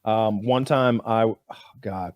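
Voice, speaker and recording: Animated man telling a story. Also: takes it slowly, dry recording, studio quality. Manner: animated storyteller who jumps high acting out voices. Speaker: podcast co-host telling a story. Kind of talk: casual storytelling chat.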